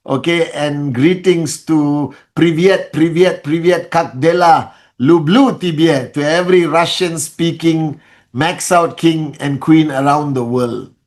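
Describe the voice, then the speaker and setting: A fairly high-voiced man hosts a live online call, calling out viewers by name and greeting them warmly. His delivery is energetic and loose, full of fillers and quick restarts, like a leader rallying his team. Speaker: network marketing leader. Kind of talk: live-stream address to followers.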